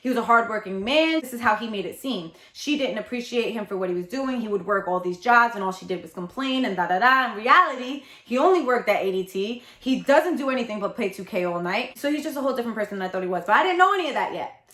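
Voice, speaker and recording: A woman in her thirties telling a candid storytime confession, animated, dramatic and blunt, with lots of profanity. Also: on the high side, fast, echoey room. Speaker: storytelling vlogger.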